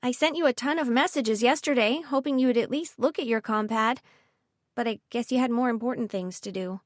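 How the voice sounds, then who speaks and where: A woman's voice: fairly high pitch, fairly quick, dry recording, clean studio sound, voice pushed up, lightly acted. A woman doing a bubbly teenage best friend. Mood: chatty.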